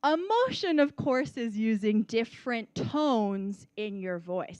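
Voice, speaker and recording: A woman's voice: a little high, lively intonation, a little slow, few pauses, a bit bright, smooth, no echo. A woman presenting a public speaking workshop as a teacher, stressing key words and often checking in with the audience. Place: workshop room.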